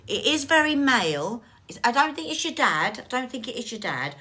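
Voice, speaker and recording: A woman's voice: on the high side, sing-song, a little fast, bright, forceful tone. A woman working as a psychic medium, giving a chatty, affectionate card reading on a phone livestream and calling her viewers darling. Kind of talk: live-stream card reading.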